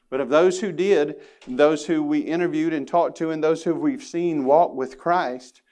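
A man's voice: on the high side, darkish tone. Male pastor, earnest emphatic sermon delivery with folksy asides. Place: church sanctuary.

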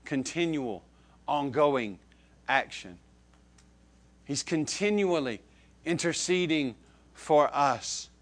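A male pastor delivering a sermon in a voice on the higher side for a man. He leans hard on key words, then falls quiet and low for asides, repeating phrases and speaking straight to his congregation. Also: animated, slow. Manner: emphatic preaching, swings from loud stresses to soft low asides; repeats key phrases, addresses listeners directly.

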